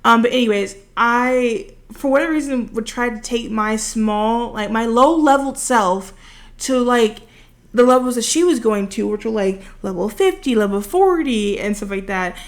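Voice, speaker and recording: A woman's voice: a little high, normal speed. Chatty, rambling young woman. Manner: rambling, chatty, full of fillers. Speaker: video creator. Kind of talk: casual voiceover storytelling.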